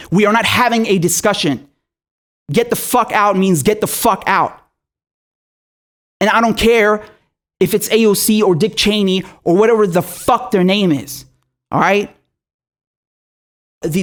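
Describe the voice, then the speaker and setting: A man's voice: sits high, moderate pace. A man, a political commentator from Syria, delivering a furious, profane, sarcastic political rant.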